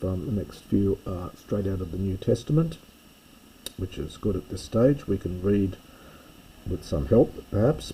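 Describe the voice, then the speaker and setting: A man teaching a language lesson, explaining each phrase slowly and thinking aloud as he goes. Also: sits low, dark tone, slight background noise, poor audio. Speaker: Greek teacher. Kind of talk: recorded lesson walkthrough.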